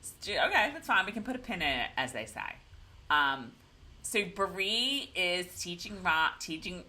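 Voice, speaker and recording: Lively, bright-toned woman co-host. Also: lowish voice, measured pace. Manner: animated, joking, frequent "um". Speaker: podcast co-host. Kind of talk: casual recap chat.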